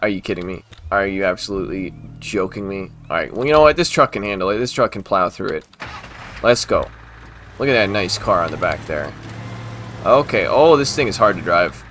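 A man's voice: sits low, expressive, fairly quick, fairly bright tone, slight background noise. A man casually commentating his own gameplay, talking to the game and breaking into exasperated outbursts. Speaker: gaming video host.

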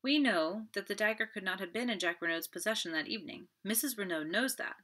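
A woman's voice: medium pitch, quick pace, pushed and bright, natural voice. A woman voicing an eager, impulsive male companion who speaks with earnest passion. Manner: eager, impassioned. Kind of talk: audiobook character voice.

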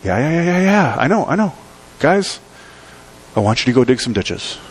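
A cocky old prophet, breezy and gently mocking, as a preacher voices him. The pitch bounces around freely, and the delivery stays unbothered. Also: male voice, big pitch swings, moderate pace, slight background noise. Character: brash confident old prophet, man.

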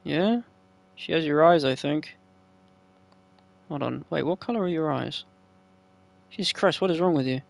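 Chatty gamer with a bit of vocal fry, swears a lot, talks to the little sims on screen. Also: mid-range voice, moderate pace, pauses often, no room sound. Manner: chatty, swears freely, talks to the game characters. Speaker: gameplayer. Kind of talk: casual gameplay commentary.

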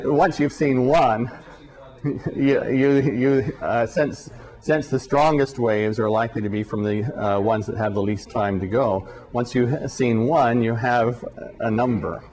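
Male lecturer, university physics class, halting deliberate delivery, repeats words, dry sarcasm, mid-range voice. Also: medium pitch, darkish tone.

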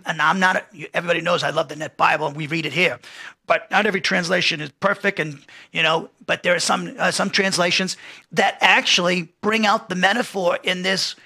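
A middle-aged man with a high, pushed, bright voice and a breathy edge teaches an expository Bible lesson. His style is conversational; he often restarts phrases and reads quotes aloud.

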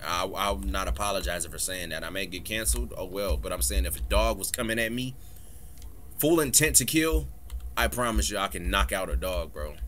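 A man's voice: deep voice, quick pace, hardly any pauses, a bit bright, a little hiss or hum. A man giving casual commentary while playing a horror game, talking back to the game, swearing and joking through the scares. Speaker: gaming streamer.

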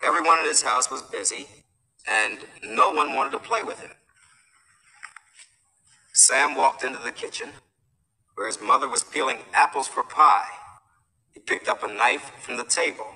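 Guy reading a kids' story out loud, bright gravelly voice, sounds a bit far from the mic. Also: mid-range voice, normal speed. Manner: lively, expressive read-aloud. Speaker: host, storyteller. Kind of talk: reading a children's story aloud.

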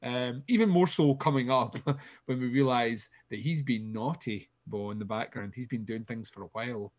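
A man's voice: medium pitch, normal speed. A man co-hosting a casual comedy podcast, sardonic and sweary, laughing often as he recaps a show. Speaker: podcast co-host.

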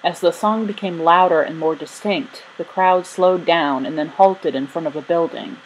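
A woman narrating a children's storybook in a gentle, steady reading voice. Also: on the low side, normal speed, a little hiss or hum, low-quality recording. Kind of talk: storybook read-aloud.

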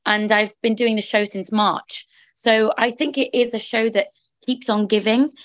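A woman's voice: a little high, fairly even intonation, measured pace, dry recording. A woman, a musical theatre actress, chatting enthusiastically as a guest in an interview, often restarting her sentences. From England. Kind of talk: casual interview chat.

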